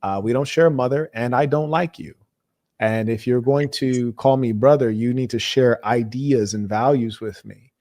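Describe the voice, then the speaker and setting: A man hosting a confrontational call-in show, speaking in a measured way and talking over callers with repeated commands. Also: medium pitch, darkish tone. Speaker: host.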